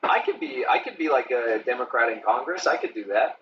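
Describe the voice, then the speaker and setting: A man's voice: medium pitch, lively intonation, brisk. A man ranting profanely and animatedly as a streamer reacting to news. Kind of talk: casual live-stream commentary. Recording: distant, dull lo-fi sound with faint hiss.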